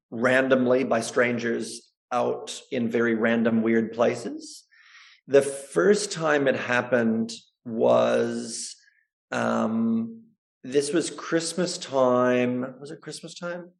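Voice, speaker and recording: A man, a chiropractor, telling stories in a casual interview, animated and laughing often. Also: mid-range voice, gravelly. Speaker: guest, chiropractor and social media creator.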